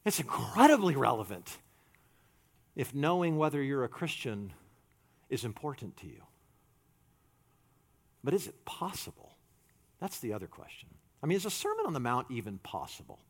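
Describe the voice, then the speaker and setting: A man preaching a sermon as a pastor, animated, swinging from loud to hushed and acting out quotes. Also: medium pitch, normal speed.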